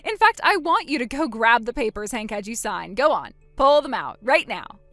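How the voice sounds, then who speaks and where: A woman voicing a calm, vengeful young woman who coldly springs a trap on her sister in a text-story drama. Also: a little high, moderate pace, no room sound, faint music behind. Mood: hurt. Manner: cool, quiet, coldly sarcastic.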